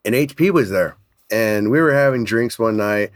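A man telling a business story in an energetic, animated way, laughing often. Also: on the low side, normal speed, no echo, clean studio sound. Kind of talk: casual storytelling.

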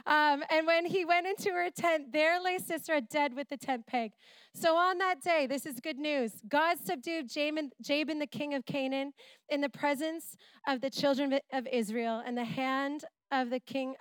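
Woman preacher in her middle years, high bright voice, dry close sound, animated sermon storytelling. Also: normal speed, no echo. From Canada. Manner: animated, playful storytelling with asides. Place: church.

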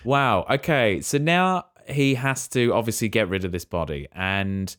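Low-pitched co-host guy riffing goofy plot guesses, laughing a lot. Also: animated, a little slow, a bit bright. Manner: speculative, jokey, laughs at his own guesses. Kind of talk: casual chat.

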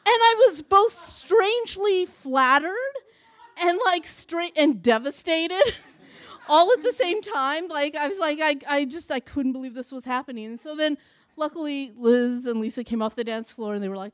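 A woman's voice: sits high, normal speed, fairly bright tone. A woman in her forties telling a funny personal story live, chatty and laughing, with many restarts and quoted asides.

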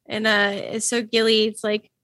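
A woman's voice: mid-range voice, monotone, slow pace, fairly bright tone, no room sound. A woman playing a tabletop game, chatting casually in character and out. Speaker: player.

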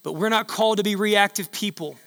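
A male pastor preaching a sermon in a large church hall, emphatic and repetitive, building up to shouts. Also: sits high, brisk.

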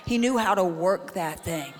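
A woman's voice: lowish voice, normal speed, faint music behind. A woman preaching a sermon, folksy and talking straight to the crowd, building into a rhythmic, chant-like exhortation. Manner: folksy, direct address to the crowd.

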